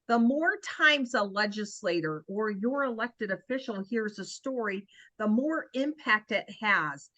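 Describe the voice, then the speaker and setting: A woman co-leading a virtual training, slowly reading out and praising participants' answers. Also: a little high, no echo, low-quality recording. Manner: slow, warm reading of group answers. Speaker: co-facilitator. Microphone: video call.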